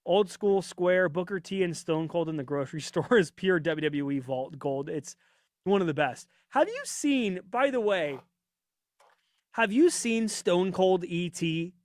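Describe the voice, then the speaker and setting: Chatty podcast host, dry close mic. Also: male voice, on the high side, animated, moderate pace, no echo. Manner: chatty and rambling, reads viewer comments aloud. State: voice getting worn out. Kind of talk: casual live-stream chat.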